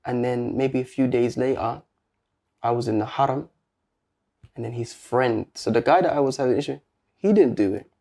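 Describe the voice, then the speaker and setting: Gravelly British man telling a story. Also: medium pitch, moderate pace, pauses often. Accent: British English. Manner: animated, slangy street talk with quoted dialogue. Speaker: guest. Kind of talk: casual storytelling in an interview.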